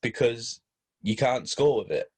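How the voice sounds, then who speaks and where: A man co-hosting a casual football podcast, talking in halting bursts with many restarts. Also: mid-range voice, expressive, a little mellow, husky. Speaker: podcast co-host.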